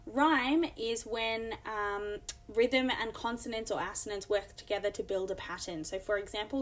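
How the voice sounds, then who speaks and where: Woman teacher, mid-pitched, explanatory, filler-heavy lesson delivery. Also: normal speed, few pauses. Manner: explanatory, many fillers, reads examples aloud. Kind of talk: recorded classroom lesson.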